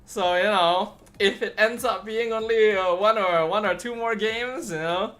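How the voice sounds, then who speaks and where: A young man streaming and chatting off the cuff, sounding worn out after a long day. His voice is bright and sharp, a touch high for a man, and he rambles through fillers and restarts. Soft music plays behind him. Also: a little slow. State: tired. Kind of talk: casual livestream chat.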